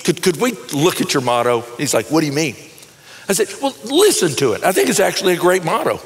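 A middle-aged man preaching a sermon in a conversational, animated way, telling stories and often repeating words as he starts a phrase. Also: fairly high pitch, fast, big-room sound. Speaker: pastor. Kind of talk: sermon with storytelling.

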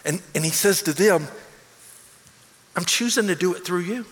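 A male pastor delivering an animated sermon, acting out quoted lines as he goes. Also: high voice, normal speed. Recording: long hall reverb.

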